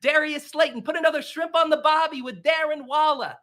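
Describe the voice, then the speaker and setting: A man's voice: extremely high pitch, a little fast, pushed and bright, voice pushed up. A man doing a hammy Australian bloke. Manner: exaggerated, sing-song list reading. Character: hammy over-the-top Australian bloke reading a list.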